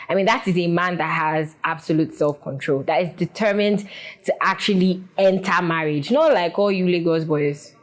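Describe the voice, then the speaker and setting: A woman's voice: on the low side, normal speed. A woman teasing the men in a casual panel chat. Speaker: panel cast member.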